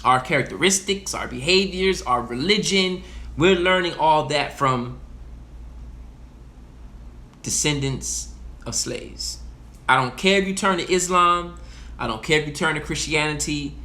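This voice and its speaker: Bright, forceful man talking passionately. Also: a little high, a little slow, long pauses. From Haiti (heritage). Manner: passionate, profane, repeats himself. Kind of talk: casual monologue.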